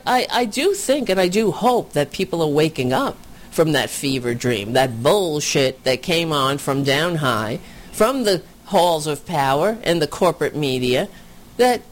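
A woman in her forties ranting in a casual political stream, sarcastic and profane, rambling and restarting her sentences. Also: deep voice. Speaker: live streamer.

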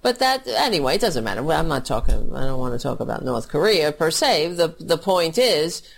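A woman's voice: low voice, big pitch swings, brisk, gravelly. A woman giving angry, sarcastic and profane political commentary in a rant.

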